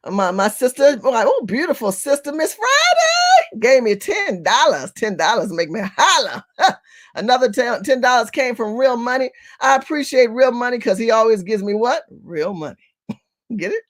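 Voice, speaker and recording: A woman with a fairly high voice hosts a live stream. She talks straight to her viewers as "family", hammering points home by repeating them. Rhetorical questions come one after another. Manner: emphatic and repetitive, firing rhetorical questions at viewers. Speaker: livestream host.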